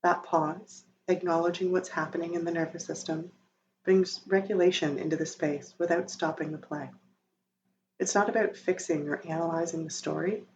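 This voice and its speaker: Gentle, soothing woman podcast host. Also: fairly low pitch. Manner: gentle, soothing, slow-paced delivery. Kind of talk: calm scripted narration. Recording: slightly dull sound with faint noise.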